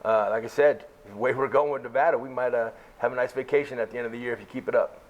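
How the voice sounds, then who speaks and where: A man's voice: medium pitch, steady tone, fast talker, lo-fi sound. A man on a podcast chatting casually about college football injuries and betting picks, rambling with lots of fillers. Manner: rambling, full of fillers and asides. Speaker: podcast co-host. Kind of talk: casual sports betting chat.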